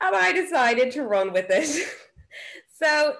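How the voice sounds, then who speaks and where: A woman's voice: high-pitched, big pitch swings, takes it slowly, pauses often, fairly bright tone. A young woman co-hosting a podcast, telling stories in a cheeky, upbeat way. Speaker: podcast co-host. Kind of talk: casual chat.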